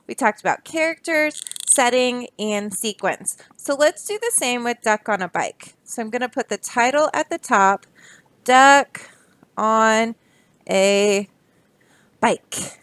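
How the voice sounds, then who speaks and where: A teacher reads a children's story aloud with a lively, bouncing voice and an unhurried pace. She stops to chat with her young listeners. The sound is close and dry. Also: on the high side, no room sound. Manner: expressive, storyteller with asides to children. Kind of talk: picture-book read-aloud for children.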